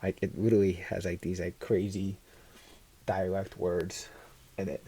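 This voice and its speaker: Soft-spoken rambling YouTube guy. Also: low-pitched, level tone, unhurried, slightly rough. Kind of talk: casual vlog chat.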